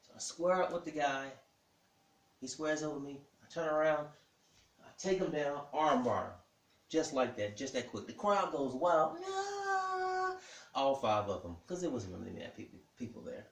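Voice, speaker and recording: A man telling a personal story in a lively way, acting out what each person said. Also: medium pitch, moderate pace, recorded from a distance. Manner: animated, acts out the dialogue of everyone in the story. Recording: echoey room.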